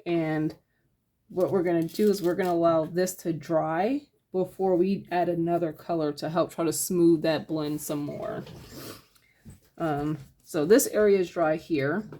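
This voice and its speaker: Speaking at a measured pace in a voice on the low side, a woman leads a relaxed painting tutorial step by step. As the instructor, she thinks aloud about her process, with plenty of fillers.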